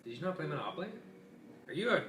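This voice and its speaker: A man's voice: a little high, sing-song, rapid-fire, roomy sound, background noise. A man, the vlogger's boyfriend, joking and teasing her in casual dinner chat. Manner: teasing, jokey.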